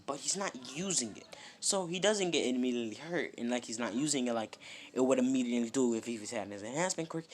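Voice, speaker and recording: A man casually retelling a fan-made story, rambling with many fillers and "he's like" asides. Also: medium pitch.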